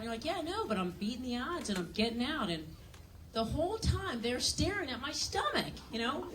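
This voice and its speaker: Woman doing stand-up on a club mic, bit high-voiced, dry jokey storytelling, noisy live room. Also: very animated, fairly quick, distant mic. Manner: dry, self-mocking storytelling with acted-out voices. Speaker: stand-up comedian. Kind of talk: stand-up comedy set. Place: comedy club stage.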